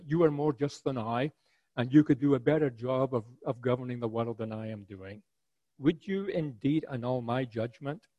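A man preaching an expository sermon, earnest and rhetorical, paraphrasing scripture in a lively voice. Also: mid-range voice, no echo, highs cut off.

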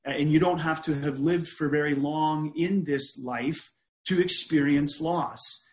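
A man preaching a sermon in a measured, deliberate way, often restarting his phrases. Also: a little high, echoey room.

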